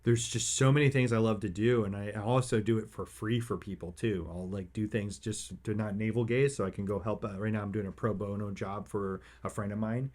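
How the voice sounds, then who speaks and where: A man hosting a motivational podcast, rambling through personal stories and growing excited and emphatic. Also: fairly low pitch, brisk, hardly any pauses. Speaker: podcast host.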